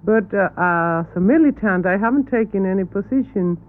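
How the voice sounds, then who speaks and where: A Cuban woman, a native Spanish speaker with a Cuban Spanish accent, is a guest on a televised panel interview. Speaking in a medium-pitched, animated voice, she answers earnestly in halting English and corrects her questioners. The audio is tinny archival broadcast sound.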